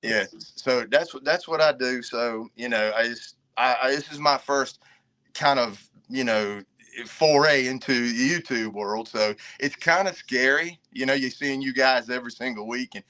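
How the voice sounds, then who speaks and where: Middle-aged man, Southern Virginia drawl, folksy and chuckling, bright tone. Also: mid-range voice, moderate pace. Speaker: guest caller. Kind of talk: casual podcast chat.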